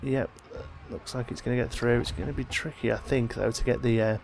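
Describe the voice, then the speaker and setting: A man's voice: medium pitch, fairly quick, gravelly, a little hiss or hum. A tired man hosting a let's play, casually thinking aloud as he plays, with yawns in his voice. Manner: thinking aloud, relaxed and chatty. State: tired, yawning. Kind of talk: casual gameplay commentary.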